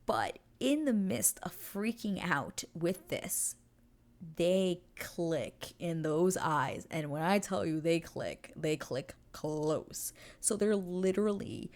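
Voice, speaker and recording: A woman's voice: on the low side, animated, takes it slowly, darkish tone. A young woman hosting a show, casually recapping a scene in a gushing, breathless way. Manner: gushing, breathless retelling with acted quotes. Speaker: show reaction host.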